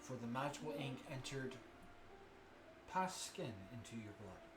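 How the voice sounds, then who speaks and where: A man running a tabletop game as game master, narrating in a relaxed, rambling way. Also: mid-range voice, unhurried, loud music behind the voice. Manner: laid-back, rambling narration. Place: shared room with players. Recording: echoey room, background hiss.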